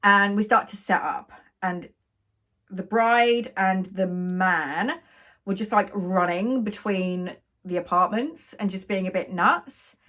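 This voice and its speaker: Woman telling a story, animated. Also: mid-range voice. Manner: animated, quotes people in their own voices, quick asides. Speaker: makeup artist. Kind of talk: casual storytelling to camera.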